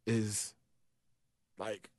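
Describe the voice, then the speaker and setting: A man in casual chat, an animated storyteller who swears freely and acts out quotes. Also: extremely slow, no echo, clean studio sound.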